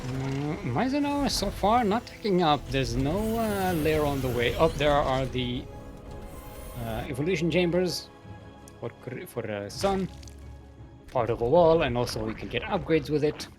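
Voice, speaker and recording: A man's voice: on the high side, expressive, a little slow, music in the background. A man casting a live strategy game tournament, giving running commentary in a goofy, playful way and laughing at his own jokes. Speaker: esports caster.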